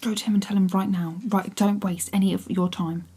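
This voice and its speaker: A young woman reacting out loud to a book she is reading, exasperated, swearing and scolding the characters, sometimes dropping to a whisper. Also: mid-range voice, little pitch movement, brisk, slightly rough. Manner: drops into whispers at times. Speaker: book vlogger. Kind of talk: casual reading vlog reactions.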